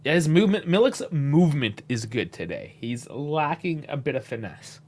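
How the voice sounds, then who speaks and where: A man's voice: on the high side, sing-song, moderate pace, a little mellow. A man from Canada, hosting a casual live match reaction, chatty and laid-back with frequent chuckles and casual swearing. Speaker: host.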